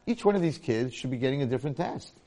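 Talking fast and animatedly in a mellow, medium-pitched voice, a middle-aged rabbi and seasoned teacher gives an informal Torah lecture. He acts out the people in his stories and mixes in jokes.

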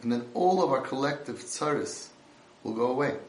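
A man giving an impassioned sermon, swinging between hushed and loud delivery. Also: mid-range voice, moderate pace. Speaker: religious speaker. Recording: roomy echo.

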